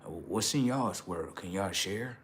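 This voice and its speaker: Speaking a little slowly, with lively intonation, this man hosts a livestream and rambles loosely in street slang, ending nearly every line with "okay" or "right." His voice is fairly low, but it rises high and loud whenever he gets heated.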